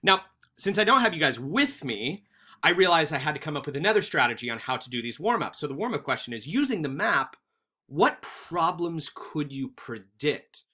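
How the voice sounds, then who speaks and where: Guy teacher doing a recorded class, super expressive, bright voice, tells stories with little acted bits. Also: a little high, normal speed. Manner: animated storytelling with acted-out quotes. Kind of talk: recorded remote history lesson.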